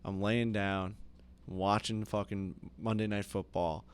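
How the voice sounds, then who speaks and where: A young man co-hosting a podcast, telling a story in an animated way, yelping and shouting as he goes. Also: lowish voice, takes it slowly, smooth. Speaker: podcast co-host. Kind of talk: casual chat.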